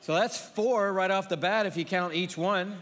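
A man's voice: high voice, normal speed, a bit bright. A male pastor preaching a sermon in a large church, conversational and humorous, acting out little scenes. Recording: long reverb of a large hall.

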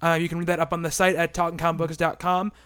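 A man hosting a casual comics podcast, quick and joking, with lots of ums and restarts. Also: a little high, little pitch movement, fairly bright tone, smooth. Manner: quick, joking, filler-heavy delivery. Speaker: podcast host.

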